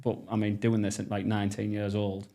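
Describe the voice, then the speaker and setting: A brash, blunt man with a North East English accent tells his story at a rapid clip, swearing as he goes. His voice sits low and his enthusiasm keeps it moving. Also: completely flat delivery, dark tone. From North East England. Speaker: podcast guest, entrepreneur. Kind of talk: casual storytelling interview.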